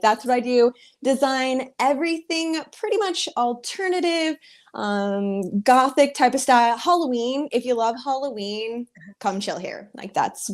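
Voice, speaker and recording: A young adult woman, a guest in a casual interview, talking in an easygoing way with many "like"s. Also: on the high side. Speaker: guest crochet designer.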